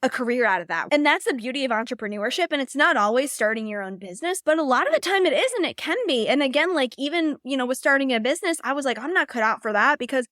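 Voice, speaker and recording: A young woman with a fairly high voice shares her own story as a podcast host, chatty and loose, sprinkling in "like" and little laughs. The sound is dry and close, with no room around it. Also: animated, quick pace, few pauses, fairly bright tone, dry recording. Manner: casual, heavy use of "like", laughs often. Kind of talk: personal storytelling monologue.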